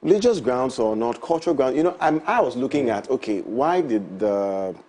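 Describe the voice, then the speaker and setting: A man's voice: medium pitch, expressive, normal speed, a little mellow. A man with a Ghanaian English accent speaking as a panelist in a studio discussion, thinking aloud with hesitant restarts. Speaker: show panelist.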